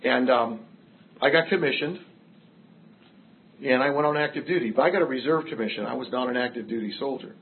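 A man's voice: medium pitch, a little fast, long pauses, phone-quality sound. An older man from Massachusetts telling a personal recovery story to a group with wry, self-mocking humor. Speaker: recovery speaker.

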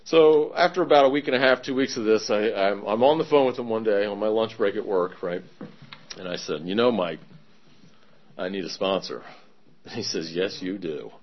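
A man candidly telling his own recovery story in a conversational testimony, pausing often. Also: fairly low pitch, muffled recording. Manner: candid, conversational, many fillers and pauses. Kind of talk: personal testimony talk.

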